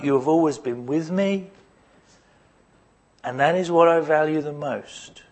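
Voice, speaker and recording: A man voicing a loving father who gently pleads with his older son, with tender, earnest reassurance. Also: on the high side.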